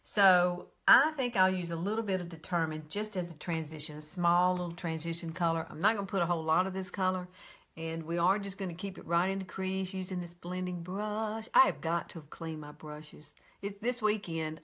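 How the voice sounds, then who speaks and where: A woman, hosting a casual live makeup tutorial, chatting and greeting viewers by name in a high sing-song. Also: moderate pace, bright, forceful tone. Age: 50s.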